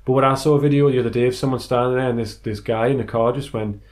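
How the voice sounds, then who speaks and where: A man's voice: mid-range voice, steady tone, racing. A man co-hosting a casual podcast, reading out listener emails and joking crudely with plenty of swearing. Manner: jokey, swears freely, reads listener emails aloud. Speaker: podcast co-host. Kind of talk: casual chat.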